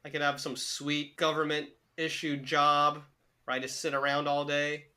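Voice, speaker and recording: A man's voice: on the high side, monotone, unhurried, sharp tone. A young man co-hosting a podcast in casual, profane, joking chat. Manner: joking, profane, laughs often. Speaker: podcast co-host.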